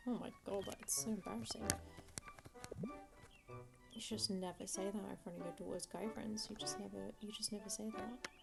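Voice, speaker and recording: A woman hosting a calm gameplay commentary, mellow, chatty and amused. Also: medium pitch, moderate pace, gravelly, long pauses. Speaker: gameplay channel host. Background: game music.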